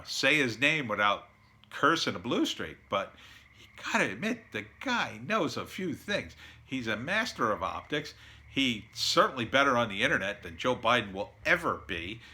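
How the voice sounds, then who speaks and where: This is a man talking off the cuff in a blunt, sarcastic monologue, chuckling at his own jabs. His voice is bright and forward, and his pitch moves a lot as he mocks the other side. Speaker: political commentator. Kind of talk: casual opinion monologue.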